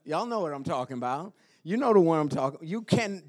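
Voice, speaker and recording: A pastor preaching a chapel sermon, calling out to the congregation and dropping into quiet whispered asides. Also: male voice, a little high, a little fast. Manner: animated preaching with call-and-response "Amen?".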